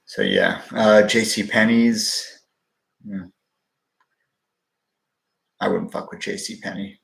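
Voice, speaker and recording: A man's voice: fairly low pitch, sing-song, slow pace, creaky, a bit bright, echoey room. A man hosting a live stream, answering viewers' questions in a blunt, profane, wisecracking way. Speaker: livestream host answering viewer questions on stocks. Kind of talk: casual live-stream chat.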